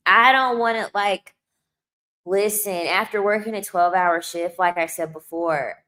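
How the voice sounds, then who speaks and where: A woman's voice: lowish voice, unhurried, pushed and bright. A young adult woman talking straight to camera in a casual monologue, blunt and emphatic, repeating lines for effect with sassy asides. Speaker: video creator.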